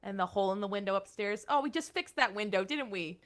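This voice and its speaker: A woman player at a tabletop game making quick joking remarks. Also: mid-range voice, lively intonation, a bit bright. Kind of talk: casual table talk.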